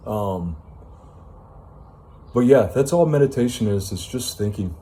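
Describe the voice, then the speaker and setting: A man with a lowish, dark, expressive voice delivers an unscripted self-help monologue at a measured pace. He rants with emphatic profanity and drops casual fillers like "man" and "you know."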